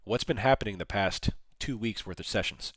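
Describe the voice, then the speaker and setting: Man, very deep voice, livestream trading host, chatty market calls, dry studio mic. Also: fairly quick, a bit bright, dry recording. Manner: chatty, calls price levels, answers chat questions. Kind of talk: live market commentary. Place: small studio.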